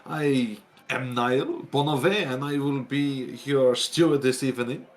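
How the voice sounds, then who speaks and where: A man's voice: medium pitch, a little slow, natural voice. A man voicing a stiff, upright male steward who greets guests with formal courtesy.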